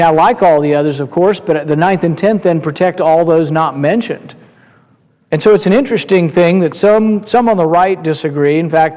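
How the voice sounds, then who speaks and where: A man, a senator, speaking on the senate floor in a measured, explanatory way, restarting phrases as he builds his point. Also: a little high, darkish tone, long reverb tail. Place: large legislative chamber.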